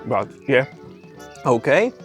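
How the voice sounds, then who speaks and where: A man's voice: mid-range voice, sing-song, slow pace, over music. A cheerful man co-hosting a homesteading vlog, chatting casually outdoors in a garden and laughing often. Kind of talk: casual chat.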